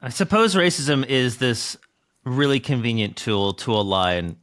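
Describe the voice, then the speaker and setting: A man's voice: mid-range voice, expressive, a little slow, fairly bright tone, no echo, clean studio sound. A man hosting a casual political podcast, sarcastic and jokey, swearing freely. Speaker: podcast host.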